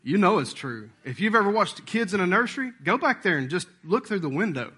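A pastor in his thirties delivers a sermon in a folksy, joking manner. His voice sits a little high and carries a bright, forceful edge. He keeps the talk animated and playful. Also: a little fast, husky.

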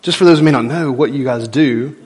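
A man, a pastor giving a folksy, emphatic sermon in church and swinging between loud and soft. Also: mid-range voice, fairly quick, husky. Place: church sanctuary.

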